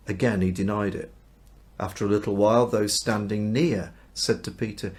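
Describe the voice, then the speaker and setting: Brief: lowish-voiced male minister, informal sermon, acts out characters. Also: moderate pace, a little mellow. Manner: acts out the voices of the story with sudden high outbursts; conversational and informal. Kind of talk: Bible reading and sermon. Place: church or home during lockdown.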